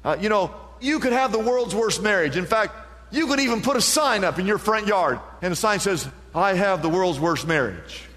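A man preaching with real fervor, his voice pitched high and rising higher when he drives a point home. The sound carries a long reverb, as if from a large hall. It is an energetic sermon delivery. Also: fairly quick. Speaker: pastor.

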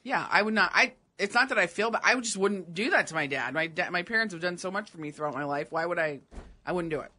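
Emphatic woman radio co-host, bright voice. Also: fairly low pitch, quick pace. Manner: emphatic, repeats flat refusals. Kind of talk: casual radio banter.

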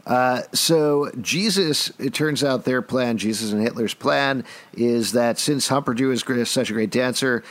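A man's voice: medium pitch, a little slow. A man co-hosting a casual podcast, recapping a TV episode in a wry, joking way and often restarting sentences. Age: middle-aged. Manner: wry, jokey storyteller with frequent restarts. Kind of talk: casual chat.

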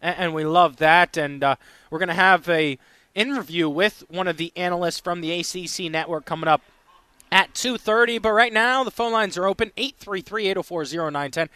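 A man's voice: high-pitched, fairly quick, bright, forceful tone, clear, resonant tone, no echo. A man hosting a live sports radio show, upbeat and chatty, reading out phone numbers between talk. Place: radio row at a sports event.

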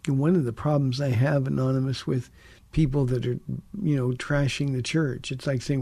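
Gravelly, husky pastor on the radio. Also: male voice, mid-range voice, little pitch movement, dark tone, no room sound. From United States. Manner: earnest, preacherly, with emphatic slow stresses. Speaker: pastor and radio call-in host. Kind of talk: radio call-in Bible teaching. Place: radio studio.

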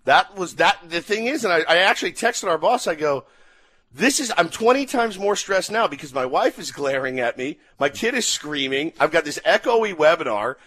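Excitable man telling a story. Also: fairly high pitch, normal speed. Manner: excitable, acts out quotes, laughing. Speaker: radio host. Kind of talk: casual chat, animated storytelling.

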